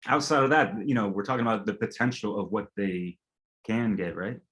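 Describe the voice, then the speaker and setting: A man's voice: lowish voice, a little fast, a bit bright, husky. A man interviewing an old friend in casual chat, hesitant, with many fillers and trailing thoughts.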